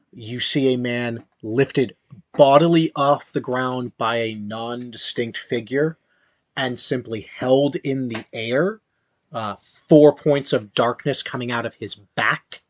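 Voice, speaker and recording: A man narrating a tabletop game as game master, in slow, halting speech with fillers. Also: medium pitch, no echo.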